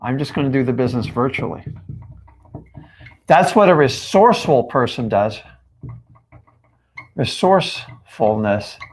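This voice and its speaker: A man's voice: medium pitch, lively intonation, measured pace, long pauses, a little hiss or hum. A man coaching his viewers on a live stream, talking straight at them in an emphatic, direct way. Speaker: real estate coach.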